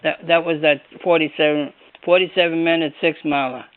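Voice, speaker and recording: A man telling an anecdote in an animated way, laughing and repeating words, on a conference call. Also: on the high side, fairly quick, no room sound. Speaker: former coach on a reunion call. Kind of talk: casual storytelling. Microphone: telephone. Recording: phone-line conference call, dry.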